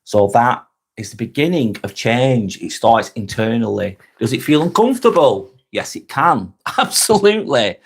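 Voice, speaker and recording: Middle-aged English man, mid-pitched, chatty live-stream host who rambles and swears casually. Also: very animated, normal speed, slightly rough. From England. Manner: swears freely, rambling and repetitive.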